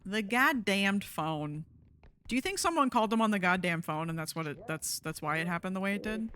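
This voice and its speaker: A woman streaming a co-op game with friends, talking casually with excitable, swearing outbursts and frequent laughs. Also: medium pitch, a little fast. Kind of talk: casual gaming chat.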